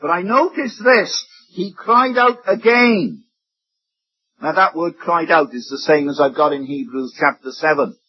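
Husky, high-voiced male preacher. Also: measured pace. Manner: emphatic, swings between rising and dropping voice. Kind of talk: sermon. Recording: dull lo-fi recording.

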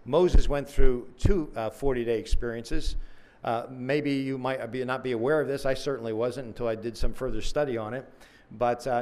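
A man preaching a sermon series, earnest and measured, pausing often with fillers as he explains scripture. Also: mid-range voice.

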